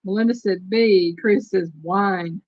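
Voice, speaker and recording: A woman's voice: medium pitch, a little slow, dry recording, highs cut off. A woman with a Southern Texas accent hosting a live stream, chatting casually and reading trivia questions aloud to her viewers. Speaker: host.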